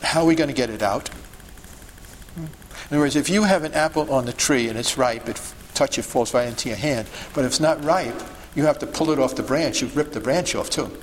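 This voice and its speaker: A man's voice: medium pitch, a little fast, a little hiss or hum, poor audio. Emphatic man teaching a group. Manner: emphatic, peppered with rhetorical questions and checks like "okay?" and "see?". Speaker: sidewalk counselor teaching a group. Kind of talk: instructional talk to a group.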